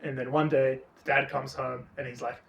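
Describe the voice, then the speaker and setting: A man co-hosting a casual book review chat, retelling the plot with lots of swearing and animated energy. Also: medium pitch, a little fast, gravelly, dull audio. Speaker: podcast co-host. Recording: roomy, distant mic.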